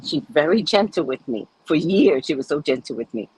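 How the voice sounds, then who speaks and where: Husky lady telling a story on her show, voice swings up and down a lot, acts out the other people. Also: low-pitched, a little fast. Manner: animated, acts out quoted voices, laughs often. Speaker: podcast host. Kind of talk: casual storytelling chat.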